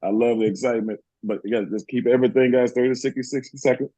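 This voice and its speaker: A man leading a group video call, coaching the group in a brisk, directive and encouraging way. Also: medium pitch, steady tone, warm tone, no room sound. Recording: dull lo-fi call audio.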